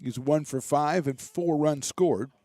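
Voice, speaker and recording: A man doing relaxed, chatty play-by-play commentary for a college baseball game, with self-deprecating asides. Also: on the high side, measured pace, no echo. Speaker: play-by-play announcer.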